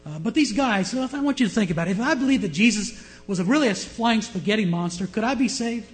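A man's voice: high voice, expressive, quick pace, low-quality recording. A male pastor preaching an emphatic sermon with a story.

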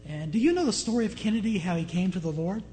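A man's voice: sits high, quick pace, slight background noise. A man preaching a sermon, telling stories and putting questions to the congregation. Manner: animated storyteller, asks the congregation questions. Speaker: pastor. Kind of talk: sermon with storytelling.

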